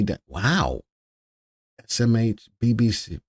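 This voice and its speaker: A man's voice: medium pitch, animated, slow pace, dry recording. Chatty man host, close dry mic. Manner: chatty, jokes with chat and crew, repeats key phrases. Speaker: livestream stock analyst host. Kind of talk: casual live stock-market commentary.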